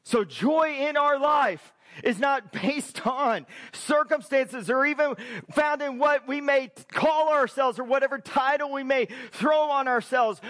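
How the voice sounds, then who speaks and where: A man's voice: very high-pitched, a bit bright. A man preaching a sermon to his church as pastor, emphatic and full of rhetorical questions to the congregation.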